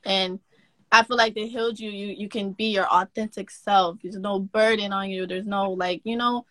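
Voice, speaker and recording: Woman podcast host, bright and a touch high, chatty and animated, dry close sound. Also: moderate pace, no echo. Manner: animated and chatty, with frequent laughter and affirming "mm-hmm"s. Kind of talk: casual girl-talk interview.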